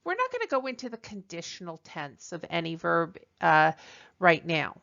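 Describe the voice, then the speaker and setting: A woman teaching a recorded French lesson, talking deliberately with frequent ums and uhs and modelling phrases for repetition. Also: on the low side, big pitch swings, creaky, a bit bright, muffled recording.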